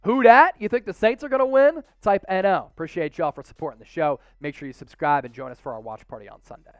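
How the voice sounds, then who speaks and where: A man with a Philadelphia accent hosts a live sports stream in casual chat, his voice pitched fairly high and smooth, resonant. He gets excitable and loud when hyping donations. The sound is dry and close, with faint music underneath. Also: fast, dry recording, highs cut off. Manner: excitable, hypes viewer donations with loud outbursts. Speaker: sports show host.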